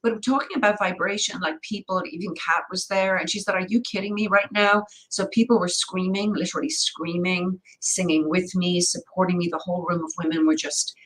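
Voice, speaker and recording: A woman co-hosting a casual spiritual chat, telling her stories in an earnest, animated way. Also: lowish voice, a little fast, hardly any pauses, slight background noise, low-quality recording. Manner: earnest storytelling, animated retelling. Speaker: co-host and singer.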